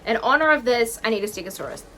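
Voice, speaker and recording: Excitable girl in her 20s gushing over earrings, voice bouncing way up and down, lots of gasps. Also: on the high side, fast talker, a little hiss or hum, rough recording. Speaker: vlogger unboxing jewellery. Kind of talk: casual chat to camera.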